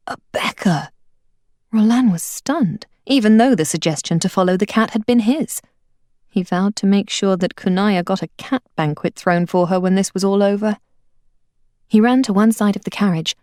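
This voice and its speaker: This is an audiobook reading by a female narrator who tells the story expressively. Her pitch is mid-range, her speed normal, and the clean studio recording carries no room sound.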